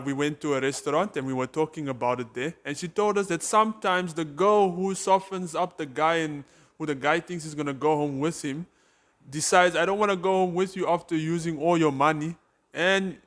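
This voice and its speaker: A man's voice: a little high, fairly bright tone. A South African man co-hosting a podcast, rambling and joking in casual chat. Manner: jokey, rambling. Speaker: podcast co-host.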